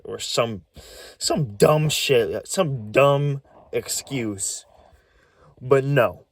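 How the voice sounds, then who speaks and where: In a dry recording, a man with a medium-pitched voice speaks very slowly as he vlogs, rambling casually about a strange experience. His nerves show: he's shaky, stammers, restarts words, and his voice swings up and down.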